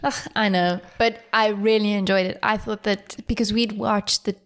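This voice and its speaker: A woman's voice: mid-range voice, fairly even intonation, moderate pace. A young woman co-hosting a casual podcast in an easygoing way. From South Africa. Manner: easygoing, laughs often. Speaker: podcast co-host. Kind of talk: casual chat.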